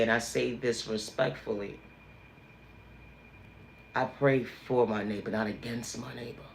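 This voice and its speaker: A man speaks straight to his livestream viewers in a preachy motivational monologue. He leans on the same emphatic refrains again and again, like a sermon. His pitch sits in an ordinary middle range, and a faint hiss of background noise runs under the voice. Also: darkish tone, echoey room. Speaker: livestream host.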